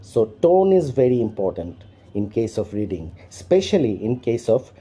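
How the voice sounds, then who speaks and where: A man's voice: medium pitch, sing-song, moderate pace, dark tone, husky, soft background music. A middle-aged man teaching an English lesson, repeating his points and often checking that listeners understand. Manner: repetitive, keeps checking understanding. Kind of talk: spoken lesson.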